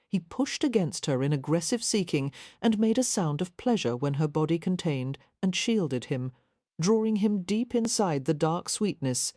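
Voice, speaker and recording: In a dry, close recording without echo, a woman narrates a historical romance audiobook. Her low, mellow voice reads the script in a gentle, measured storytelling manner.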